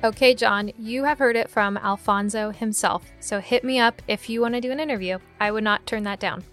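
A woman's voice: mid-range voice, brisk, fairly bright tone, faint music behind. A woman hosting a podcast, upbeat and encouraging with her guest. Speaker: podcast host. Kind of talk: casual podcast interview.

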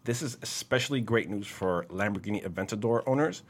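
A man's voice: lowish voice, brisk. A man co-hosting a casual podcast, reading out car headlines and joking about them with frequent laughs. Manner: jokey, laughs often, animated delivery. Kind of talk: casual chat.

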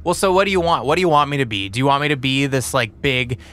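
A man with a bright, forceful tone rambling awkwardly through an improvised comedy podcast. He stumbles and second-guesses himself, playing an ordinary guy out of his depth. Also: medium pitch, expressive, quick pace, soft background music. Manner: awkward, rambling, self-doubting.

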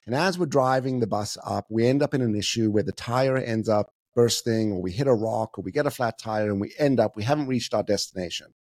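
A man guest in a casual interview, explaining ideas with lively analogies. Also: lowish voice, fairly quick, hardly any pauses, dry recording. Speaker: guest, communication coach.

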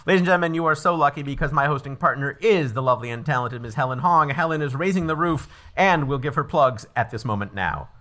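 A man's voice: medium pitch, quick pace, hardly any pauses, sharp tone. A man hosting a comedy quiz podcast, joking breezily as he wraps up and reads the plugs. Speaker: quiz show host.

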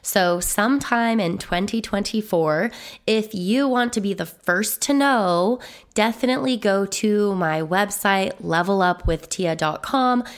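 This woman hosts her own podcast alone, speaking at an unhurried pace. Her voice is slightly hoarse and still recovering. She stays upbeat and conversational and rolls through long lists of points. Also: mid-range voice. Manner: upbeat and chatty, lists things in quick runs. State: hoarse, voice not fully recovered. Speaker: podcast host and business coach. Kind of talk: solo podcast monologue.

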